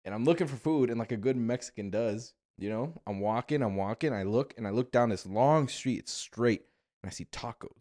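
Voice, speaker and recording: A young man from Las Vegas hosting a casual podcast chat, telling travel stories with lively, swearing energy. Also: medium pitch, fairly quick. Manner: animated storyteller, swears freely. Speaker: podcast host.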